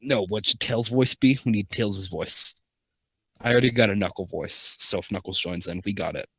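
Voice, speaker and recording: A man's voice: on the low side, normal speed, pushed and bright, husky, no echo. A man doing a casual comedic reading, mumbling asides and joking with a co-host. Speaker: comedy reader.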